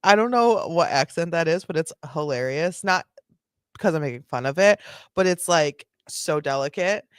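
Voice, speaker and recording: A woman's voice: sits low, animated, normal speed, clean tone, dry recording, clean studio sound. A woman hosting a live stream, giving casual, chatty reaction commentary full of swearing and laughing asides. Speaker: livestream host reacting to videos.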